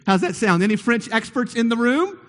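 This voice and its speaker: A man's voice: extremely high pitch, big pitch swings, a little fast, a bit bright. A man preaching a sermon to his congregation in a church, playful and conversational, often asking them questions. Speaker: pastor. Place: church sanctuary. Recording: long hall reverb.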